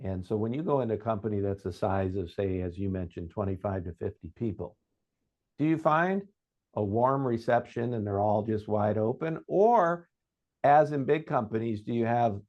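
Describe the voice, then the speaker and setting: A man's voice: on the low side, moderate pace, a little mellow. A man hosting an interview podcast, speaking in an affirming, conversational way. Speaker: podcast host, vocal coach. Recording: dull, slightly muffled audio.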